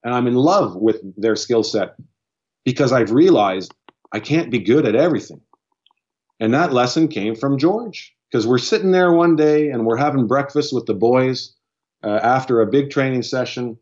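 A man's voice: medium pitch, moderate pace, darkish tone, muffled recording. Blunt, swearing man rambling with restarts. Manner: blunt, profane, restarts sentences a lot. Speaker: podcast guest. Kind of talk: casual chat.

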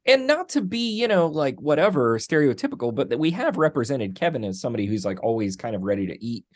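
A man co-hosting a podcast in casual chat, talking in an animated, enthusiastic way and laughing often. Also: medium pitch, quick pace. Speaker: podcast co-host.

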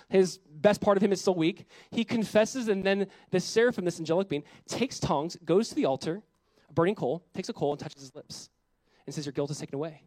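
A man's voice: high-pitched, darkish tone, no room sound, low-quality recording. A man who is a pastor, preaching a sermon in an earnest, conversational way that builds in intensity.

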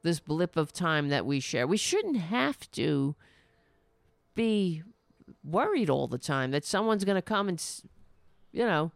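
Slow, lively-voiced woman ranting about politics. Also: on the low side, vocal fry, no room sound. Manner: indignant, ranting, sarcastic. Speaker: host. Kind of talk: political commentary.

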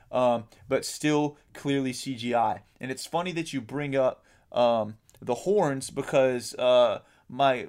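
A man in an easygoing podcast conversation, rambling through his thoughts with plenty of ums and the odd swear word. His voice sits at a middle pitch. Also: a little mellow. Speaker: podcast co-host. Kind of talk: casual chat.

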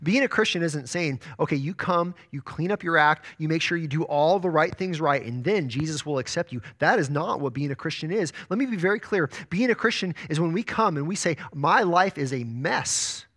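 Pastor, male, slightly higher voice, earnest sermon delivery, builds and drops, restarts words. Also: fairly quick, few pauses. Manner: earnest preaching with sharp rises and soft drops.

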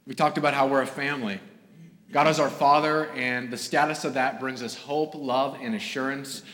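Guy preaching in a big echoey church, kinda high voice, gets loud and emphatic on key points. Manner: earnest, builds to emphatic bursts. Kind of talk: sermon. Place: church sanctuary. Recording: long hall reverb.

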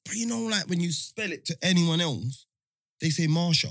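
A man's voice: high-pitched, animated, normal speed, gravelly, fairly bright tone, no echo, clean studio sound. A young man, co-hosting a casual podcast chat with joking, slangy banter. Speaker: podcast co-host.

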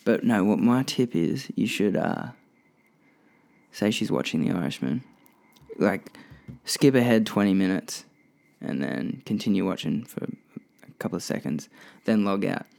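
A man's voice: low-pitched, lively intonation, unhurried, gravelly, darkish tone. A young man hosting a casual solo podcast, rambling and swearing freely with many restarts. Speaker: podcast host.

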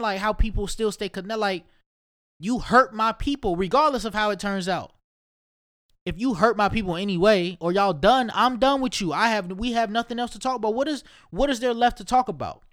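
A man's voice: sits high, a bit bright, smooth. A man from Ohio ranting in a casual, profane monologue, emphatic and repetitive. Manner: profane, emphatic, repeats himself. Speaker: solo commentator.

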